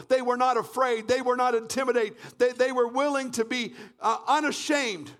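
A man from Canada preaching a fervent sermon, often shouting and repeating phrases in a church. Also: very high voice. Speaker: pastor.

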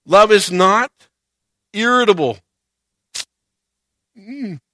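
A man preaching a sermon in a high, bright voice. He talks to the congregation like a friend, acts out their grumbling in quick little voices, then leans hard into his main points. The sound is close and dry, with almost no room around it. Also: animated, no room sound. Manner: conversational preaching, rising to emphatic points, acts out quoted voices. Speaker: pastor.

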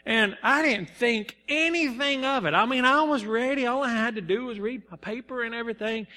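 Bright-voiced young male preacher, reverberant hall. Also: very high-pitched, normal speed. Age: young adult. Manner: earnest, personal storytelling with bursts of emphasis. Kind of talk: sermon. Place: church sanctuary.

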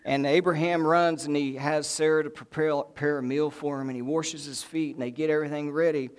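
A man preaching a sermon in an animated, folksy way, with joking asides to the congregation. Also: on the high side, brisk, clear, resonant tone.

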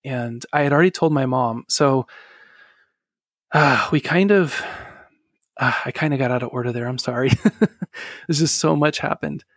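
A middle-aged man, a guest on an interview, telling a personal story in an earnest, halting way with soft laughs. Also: medium pitch, dry recording, clean studio sound.

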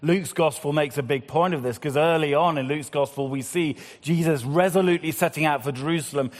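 A man preaching a sermon, swinging between loud appeals and hushed, slow passages. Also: on the high side. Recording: long hall reverb.

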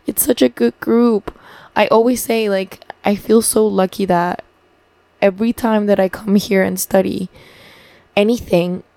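Slow, chatty young woman from Paraguay. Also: mid-range voice, darkish tone, no echo. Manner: chatty, upbeat, swears freely. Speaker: vlogger. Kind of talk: casual video diary.

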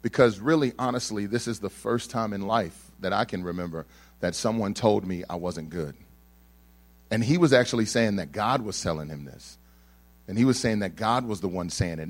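A young man telling a personal story to an audience, acting out the people in it and joking with the crowd. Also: lowish voice. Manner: animated storyteller who acts out the people in his story and jokes with the crowd.

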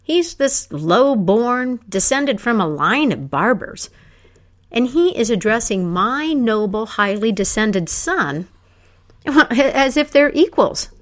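A woman's voice: on the high side, animated, slow pace, voice pushed up. A woman voicing a haughty, indignant old queen mother in a told folk tale.

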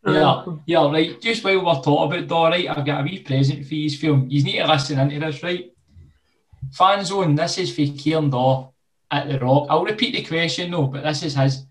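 A man's voice: fairly high pitch, normal speed, roomy sound. A man with a Scottish accent, co-hosting with laughing, joking banter. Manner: laughing, joking, says "mate" a lot. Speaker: co-host, former player. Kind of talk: casual banter.

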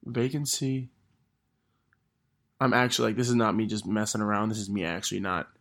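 Young man, podcast host, rambling, self-mocking, gravelly fry. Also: lowish voice, steady tone, fairly quick, fairly bright tone. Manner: self-deprecating, rambling, reading old messages aloud. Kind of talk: casual podcast monologue.

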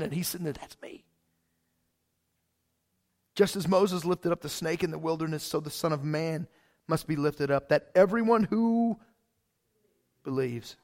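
A male pastor preaching a sermon in a casual, fired-up way, often saying "man". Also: high voice.

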